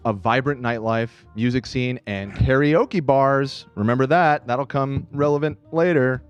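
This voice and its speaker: A man, the show's producer, making an upbeat, list-style pitch in casual podcast talk on a studio mic. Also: unhurried, clean tone, lo-fi sound, soft background music. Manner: upbeat, listing points like a sales pitch.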